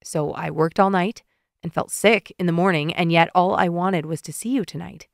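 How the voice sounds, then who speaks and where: A woman narrator voicing an earnest young man who talks softly and quietly, recorded close in a dry studio. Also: steady tone, normal speed, creaky, dry recording. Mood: tender. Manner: soft, low-key and hushed.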